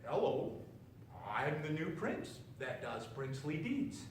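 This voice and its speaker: A man doing a slow, earnest big frog. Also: fairly high pitch, sing-song, slight background noise. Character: big calm polite male frog. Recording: roomy echo, distant mic, faint ambience.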